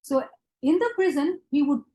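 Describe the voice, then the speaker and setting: A woman's voice: high-pitched, moderate pace, dark tone, rough recording. A woman leading a devotional teaching session. She asks her listeners questions and answers them herself, slipping into Gujarati and Hindi phrases.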